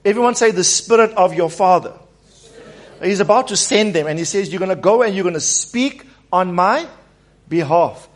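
A pastor with a high voice preaches to his congregation. He slows right down to stress a point and has the church repeat his phrases back to him. His delivery is a steady, emphatic sermon.

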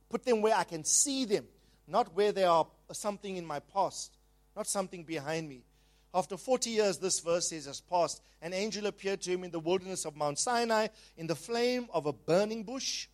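A man preaching a sermon, emphatic, slowing down on key phrases and having the congregation repeat after him. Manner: slows down and rises in pitch and volume on key phrases. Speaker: pastor.

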